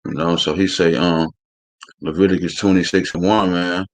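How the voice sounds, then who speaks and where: In a low, steady voice at a moderate pace, a man reads verses aloud during a live-streamed scripture class. His follow-up commentary is blunt, coarse and preachy, with free swearing and "man" said constantly.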